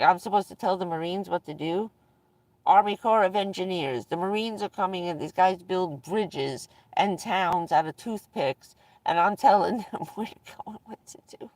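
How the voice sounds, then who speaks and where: A woman's voice: fairly low pitch, darkish tone, no echo, recorded from a distance. A woman vlogger casually telling rambling personal stories to her viewers, often breaking into laughter mid-sentence.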